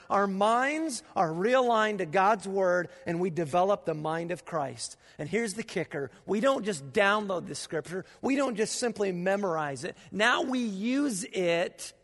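A man preaching a sermon as pastor, telling stories with animated sound effects in a church auditorium. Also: sits high. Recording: long reverb of a large auditorium.

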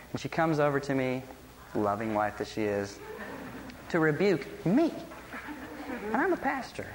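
Pastor preaching in a reverberant hall. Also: male voice, high-pitched. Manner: earnest, self-deprecating storytelling. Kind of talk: sermon. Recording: long hall reverb, faint room noise.

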